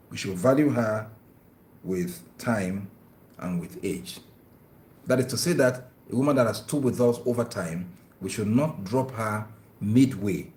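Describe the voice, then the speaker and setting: A man's voice: fairly low pitch, a little mellow. Earnest man preaching in an echoey room. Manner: earnest, preachy, stammers on repeated words. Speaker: Islamic talk show host. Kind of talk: religious advice talk with phone-in.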